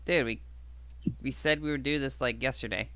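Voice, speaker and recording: A man's voice: medium pitch, moderate pace, pushed and bright, smooth, no room sound. A man playing a blunt exasperated woman. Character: blunt, protective woman, a sharpshooter's partner.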